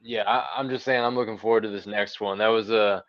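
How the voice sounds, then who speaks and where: A man's voice: on the low side, steady tone, a little fast, a bit bright. A man chatting on a livestream panel, laid-back and slangy, searching for his words. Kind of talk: casual livestream panel chat. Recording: dull lo-fi online mic.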